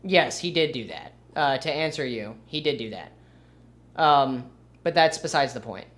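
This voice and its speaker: A man's voice: medium pitch, expressive, unhurried, a bit bright. A young man streaming and commenting casually, with a rambling, sarcastic manner. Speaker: livestreamer.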